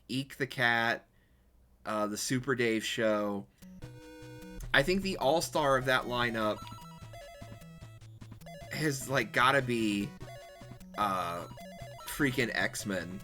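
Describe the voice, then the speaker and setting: A man's voice: medium pitch, slow pace, long pauses, bright, forceful tone, faint music behind. A male streamer chatting casually and rambling while he plays a golf game. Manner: rambling, chatty, self-correcting. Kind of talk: casual chat while gaming.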